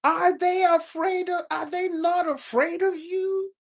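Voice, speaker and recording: A woman voicing an excited male friend who urges her on, repeating his questions insistently. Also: very high voice, unhurried, pitched above the performer's own voice. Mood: fervent.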